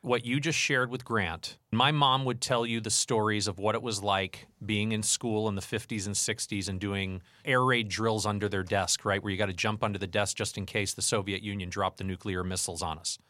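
Lower-voiced man co-hosting a chat. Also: fairly even intonation, pushed and bright, no room sound. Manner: chatty, quick to add quips. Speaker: podcast co-host. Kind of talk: casual chat.

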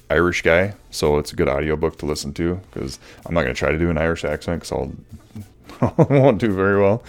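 A man hosting a solo podcast in casual, rambling talk with many fillers, in a voice he says people find soothing. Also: rumbling low. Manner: relaxed, rambling, with frequent fillers and restarts. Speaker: podcast host.

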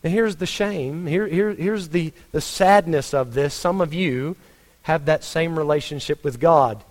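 A man's voice: on the high side, a little slow, in a large hall. A man with a Texan accent preaching a sermon as a pastor, conversational, with frequent restarts and rhetorical questions. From Texas.

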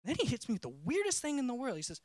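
Lively, expressive male preacher. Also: very high-pitched, racing, dry recording, studio quality. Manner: conversational storytelling, self-interrupting. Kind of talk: personal testimony sermon.

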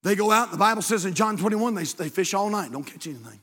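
A man preaches with a high, slightly husky voice, rising into shouted encouragement and then sinking low for quiet storytelling. His words ring out with a long echo, like a large church hall. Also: animated, fast. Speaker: pastor. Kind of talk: sermon. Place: church sanctuary.

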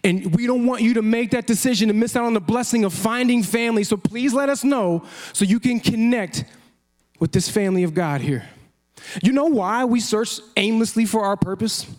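Pastor guy preaching, high voice, animated, acts stuff out, laughs a lot. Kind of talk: sermon.

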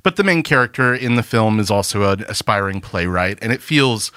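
Wry male co-host, bright-toned voice, dry close-miked sound. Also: fairly low pitch, lively intonation, a little fast, no echo. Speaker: podcast co-host. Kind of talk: casual chat about movies.

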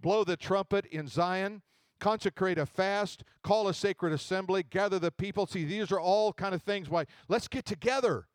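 Middle-aged male pastor, animated sermon delivery, higher voice, dry sound. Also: no echo. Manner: animated preaching with swells of volume and drawn-out scripture readings.

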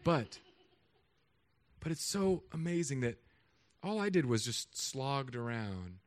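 A man in his thirties, a pastor, preaching a sermon with animated, humorous storytelling. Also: mid-range voice, slow.

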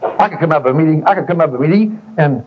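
A man's voice: on the high side, lively intonation, rapid-fire, breathy edge. A man preaching a sermon in a folksy, colloquial way, repeating phrases and telling stories to the congregation. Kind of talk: sermon with storytelling. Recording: dull lo-fi tape recording.

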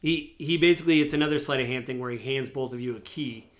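A man's voice: mid-range voice, fast talker, fairly bright tone. Man, game master, tabletop narration, rambling, filler words.

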